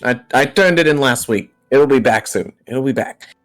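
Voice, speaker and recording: A grumpy little goblin who hates company and gives way only grudgingly, as a man puts him on for a tabletop game. His lines come out curt and a touch higher than plain speech. Soft music sits underneath. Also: normal speed, lightly acted. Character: grumpy shy injured male goblin.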